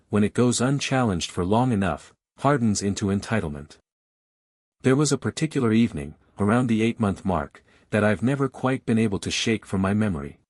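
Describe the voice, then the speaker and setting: Older man, low voice, calm reflective storytelling, dry recording. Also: no echo. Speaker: narrator. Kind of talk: scripted first-person story narration.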